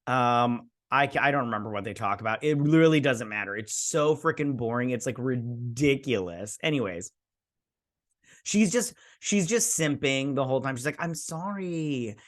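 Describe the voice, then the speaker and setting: A man's voice: medium pitch, animated, normal speed, a bit bright. A man hosting a casual review show, recapping an episode in a sarcastic, exasperated ramble full of fillers and restarts, slipping briefly into the characters' lines. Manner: sarcastic, exasperated, mimics characters mid-story.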